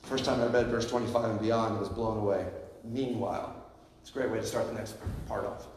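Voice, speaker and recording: Animated male pastor in an echoey church hall. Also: on the low side, fairly quick, recorded from a distance, slight background noise. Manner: animated storytelling, acting out the parable. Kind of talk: sermon. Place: church sanctuary.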